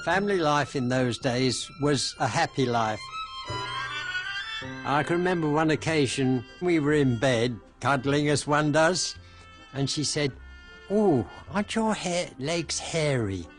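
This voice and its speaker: A man's voice: a little high, a little slow, over music. An older man fondly recalls old memories with dry humor. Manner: fond, storytelling, dry humor.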